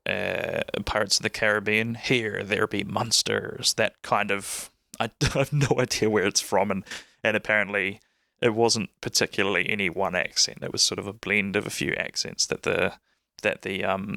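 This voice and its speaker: A man's voice: fairly low pitch, creaky, sharp tone, dry recording, clean studio sound. A man with a New Zealand accent hosting a podcast, chatting in a rambling, enthusiastic way with plenty of fillers. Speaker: podcast host. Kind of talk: casual chat.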